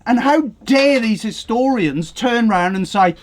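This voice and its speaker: A middle-aged man rants, swearing often and sounding exasperated. His pitch swings widely as he talks, rising and falling all the time. This is a casual, heated commentary monologue. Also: expressive, slow pace, few pauses. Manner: angry, profane, exasperated. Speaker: online commentator. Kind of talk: ranting political commentary.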